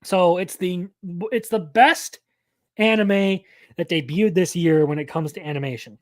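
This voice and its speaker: A man's voice: sits high, unhurried, dry recording. A young man hosting a live anime news stream, talking casually and rambling, often correcting himself mid-sentence.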